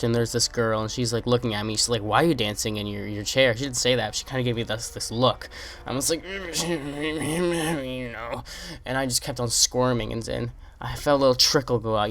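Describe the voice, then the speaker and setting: A man's voice: medium pitch, a bit bright. Rambling teenage storyteller guy. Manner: rambling, stammering restarts. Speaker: vlogger. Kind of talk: comic storytelling.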